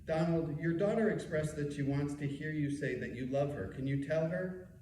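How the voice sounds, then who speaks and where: A man voicing a female therapist who asks calm, direct questions, in an echoey room far from the mic. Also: on the high side, normal speed, noisy background, voice pushed up, lightly acted. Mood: probing.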